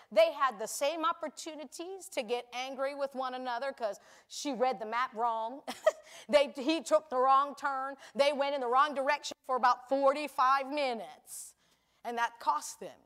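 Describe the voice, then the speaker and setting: High-voiced woman preaching in lively story style. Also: unhurried. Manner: animated, acts out voices in anecdotes; chatty, conversational with frequent "you know". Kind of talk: sermon with storytelling.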